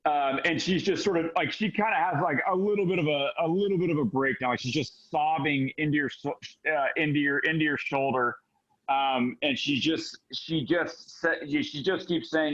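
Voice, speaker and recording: Man running a tabletop game, fairly high voice, hesitant delivery, dull lo-fi audio. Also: a bit bright. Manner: halting, many fillers and restarts. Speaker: game master.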